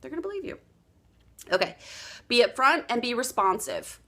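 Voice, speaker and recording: A woman giving a motivational sales training talk, acting out quoted dialogue with lively energy. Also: a little high, normal speed. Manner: animated, acts out quoted dialogue. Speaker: sales coach.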